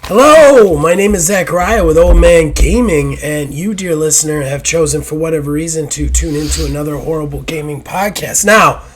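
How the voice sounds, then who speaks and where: A hoarse man hosting a gaming podcast, rambling and self-deprecating in casual chat, swearing now and then. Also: a little high, moderate pace, few pauses, a little hiss or hum. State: hoarse after illness. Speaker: podcast host.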